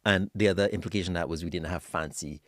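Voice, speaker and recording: A man from Trinidad and Tobago, a podcast guest telling anecdotes in a relaxed, conversational way. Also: sits low, fast talker, no room sound. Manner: relaxed anecdotal storytelling, agrees often. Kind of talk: casual interview chat.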